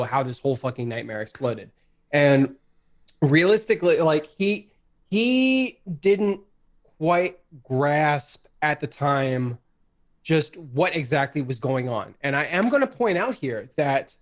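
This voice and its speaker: A man guesting on a live talk stream, speaking bluntly and profanely in a rambling casual way. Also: on the high side. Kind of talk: casual livestream chat.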